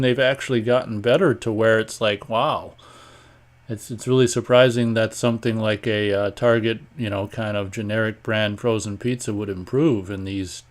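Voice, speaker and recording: A man hosting a live online show, chatting casually and reading viewer comments aloud in a rambling, offhand way, often clearing his throat. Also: fairly low pitch. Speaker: host of a live online radio stream.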